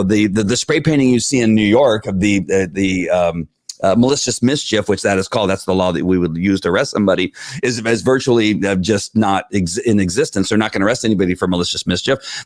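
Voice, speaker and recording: A man's voice: medium pitch, dry recording, clean studio sound. A man hosting a live political talk show from home, exasperated and rambling, with frequent restarts as he reads viewer comments.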